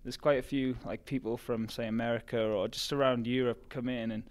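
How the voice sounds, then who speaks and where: A man's voice: mid-range voice, a little fast. A young man from Newcastle with a Geordie accent, a college runner chatting casually as an interview guest, with lots of "like" and "um". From Newcastle, England. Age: young adult. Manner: relaxed, many fillers like "like" and "um".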